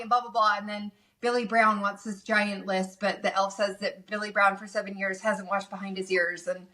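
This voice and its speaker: A woman's voice: mid-range voice, little pitch movement, moderate pace, few pauses, bright, forceful tone. Gushing woman telling a story. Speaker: podcast guest. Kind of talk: casual podcast chat.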